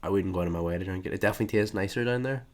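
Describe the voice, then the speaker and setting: A man's voice: sits low, racing. A young man co-hosting a podcast, rambling and joking through a casual story. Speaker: podcast co-host. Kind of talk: casual chat.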